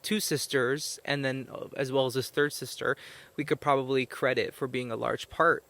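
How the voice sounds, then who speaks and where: A man hosts a relaxed solo podcast from outdoors. His talk is chatty and meandering, full of self-corrections, and he speaks into a handheld microphone. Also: medium pitch, normal speed, creaky. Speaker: podcast host, psychic medium. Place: outdoors in a cemetery. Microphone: handheld microphone recorded to a tablet.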